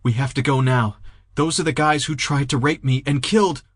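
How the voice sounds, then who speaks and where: A man's voice: mid-range voice, fairly even intonation, moderate pace, dry recording, clean studio sound, voice pushed up, close to an everyday voice. A man voicing a young woman in an audiobook, urgent and determined as she pushes her frightened companion to flee. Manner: urgent, pushing. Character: young woman, determined protector under pressure.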